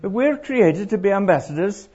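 A middle-aged man preaching to a congregation, animated and throwing questions out to the crowd. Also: high-pitched, normal speed, breathy edge. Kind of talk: interactive sermon. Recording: dull lo-fi live recording.

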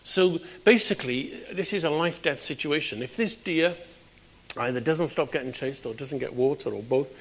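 A British man preaching a conversational sermon in a church, with sudden loud, emphatic bursts. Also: on the high side, moderate pace, slightly rough. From Britain.

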